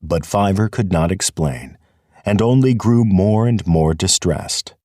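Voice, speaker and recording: Slow deep-voiced male narrator. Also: lively intonation, dark tone, no echo, studio quality. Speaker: audiobook narrator. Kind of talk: scripted narration.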